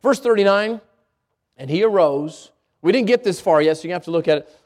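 A middle-aged male pastor with a high-sitting voice talks fast through a sermon. He shares a personal story, then reads scripture, rising to shouts for emphasis.

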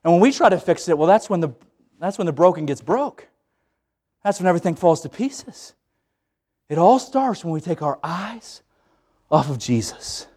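A man's voice: high-pitched, animated, normal speed, long pauses, mellow. A man preaching a sermon in a folksy, dramatic way, acting out the scenes he tells.

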